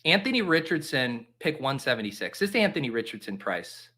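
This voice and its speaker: A man hosting a live stream, making casual commentary full of jokes and quick exclamations. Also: mid-range voice. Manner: animated, joking, quick exclamations. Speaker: livestream host.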